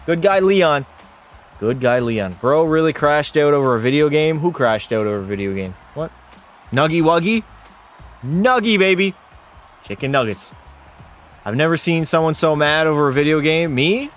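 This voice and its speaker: A man with a fairly high voice streams a hockey video game at normal speed, over soft background music. He calls the action excitedly like a commentator and banters and swears with his chat.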